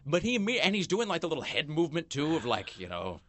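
A man's voice: a little high, wildly swooping pitch, quick pace, a bit bright, no echo. A man hosting a talk show, telling a rambling story with many fillers and restarts in a small studio. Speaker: podcast host. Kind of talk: casual chat.

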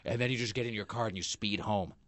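A man's voice: on the low side, fast talker, fairly bright tone, no echo. A man hosting a talk show, telling a rambling story with many fillers and restarts in a small studio. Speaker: podcast host. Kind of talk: casual chat.

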